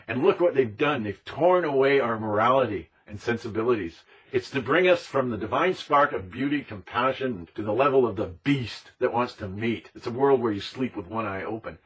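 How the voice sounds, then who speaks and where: A man's voice: mid-range voice, fairly bright tone, breathy edge. A man delivering an impassioned, emphatic monologue, repeating himself and now and then mimicking other people's voices. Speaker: speaker on conspiracy topics.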